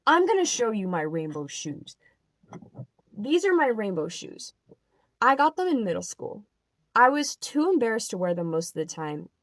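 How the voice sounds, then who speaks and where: A young adult woman telling a story in a casual, animated rant, with lots of "like" and "um" and an exasperated edge. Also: lowish voice, dry recording. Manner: animated, filler-heavy, exasperated. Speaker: vlogger.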